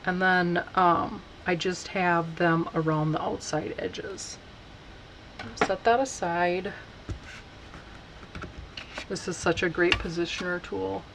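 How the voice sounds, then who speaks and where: A woman teaching a casual stamping tutorial, chatty and unhurried as she talks while working. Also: fairly low pitch, fairly even intonation, background noise. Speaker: card-making instructor.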